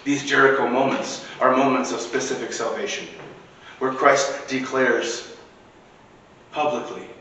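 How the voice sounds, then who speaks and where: A man's voice: medium pitch, steady tone, unhurried, bright, forceful tone, a little hiss or hum. A man preaching a sermon in a church, in a conversational way with casual asides. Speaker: priest. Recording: echoey church recording from far off.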